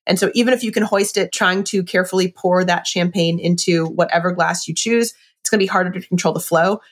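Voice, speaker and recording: A middle-aged woman chatting casually and enthusiastically about wine and a book, with lots of fillers. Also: lowish voice.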